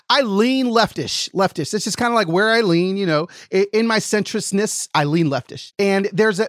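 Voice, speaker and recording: Male podcast host, higher voice, dry close sound, animated anecdote teller. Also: dry recording. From lives in Nashville, Tennessee. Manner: animated storyteller, acts out quotes. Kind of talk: casual podcast chat.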